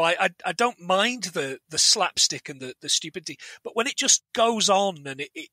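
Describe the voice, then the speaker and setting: A man's voice: a little high, sharp tone, no room sound. A man, a guest on a podcast, rambling through his opinions with many restarts and repeated words. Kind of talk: casual film review chat.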